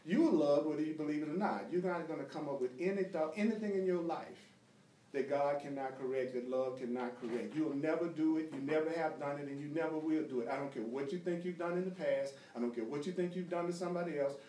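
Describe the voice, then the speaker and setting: A man with a slightly high voice teaches a spiritual class in a conversational way. He drives points home through repetition and slips into jokes. The room echoes and he sits some distance from the mic. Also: fast talker, warm tone, a little hiss or hum. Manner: emphatic, repeats phrases, breaks into laughter and jokes. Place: meeting room with a small group, streamed live.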